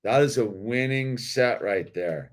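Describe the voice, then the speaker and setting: In an expressive, mid-range voice and an unhurried pace, a man hosts a toy-building video. His casual commentary while building is laid-back and slangy, with "dude" coming up a lot.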